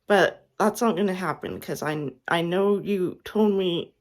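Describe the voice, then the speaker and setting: A young woman giving an emotional farewell message, close to tears, sighing and restarting her sentences often. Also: lowish voice. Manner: halting, tearful, many restarts and sighs. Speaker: fan vlogger.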